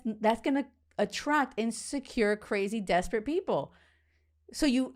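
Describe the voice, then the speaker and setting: Fired up woman dating coach talking straight to listeners, blunt, swears a lot, stumbles over words. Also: mid-range voice. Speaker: dating coach and podcast host. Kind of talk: casual motivational talk.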